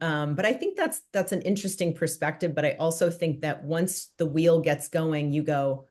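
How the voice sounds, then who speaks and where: Woman podcast guest with a low voice, reflective and heartfelt in casual chat. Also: lively intonation, moderate pace, hardly any pauses, darkish tone. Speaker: podcast guest, interior designer.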